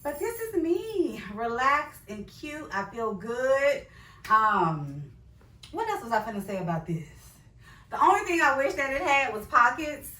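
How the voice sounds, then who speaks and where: A woman's voice: sits high, very animated, a little slow, pushed and bright, recorded from a distance. A woman, chatting casually with viewers in a try-on haul and calling them girl and sis. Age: 40s. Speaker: fashion vlogger. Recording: echoey room, voice off-mic.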